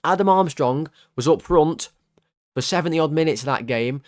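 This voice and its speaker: A man, hosting a football fan channel and rating players in an exasperated, sarcastic rant full of comic exaggeration, his voice starting to go hoarse. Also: fairly high pitch, normal speed, no echo, studio quality.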